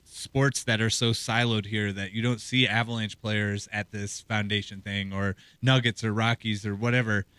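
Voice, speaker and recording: A man co-hosting a sports talk show as a hockey reporter, talking in a loose, rambling way with a hoarse, scratchy throat. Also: fairly low pitch, level tone, normal speed, few pauses, a bit bright, dry recording. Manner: loose, rambling conversational delivery.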